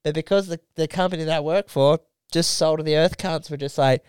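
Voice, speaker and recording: A man's voice: a little high, fairly even intonation, brisk, few pauses, a little mellow, clean tone, no room sound, studio quality. A young man co-hosting a podcast, telling a story in laid-back, heavily sworn casual banter. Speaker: podcast co-host.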